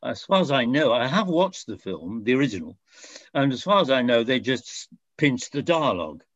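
An older man recalls his acting days in an interview. He rambles and corrects himself, with a soft chuckle here and there. The recording is dry and a bit muffled. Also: medium pitch, very animated, normal speed, no room sound. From France. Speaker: actor. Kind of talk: reminiscing interview answer.

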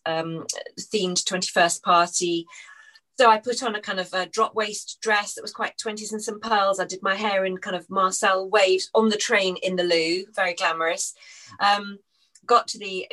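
An actress telling a story from her career, animated, acting out the people she quotes and laughing often. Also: mid-range voice, rough recording. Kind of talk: anecdotal interview storytelling.

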